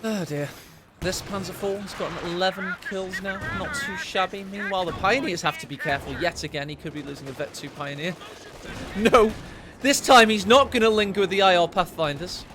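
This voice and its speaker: A man doing live game commentary, excitable and cheeky, teasing his co-caster. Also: sits high, fairly quick, over music. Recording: loud game battle sounds behind.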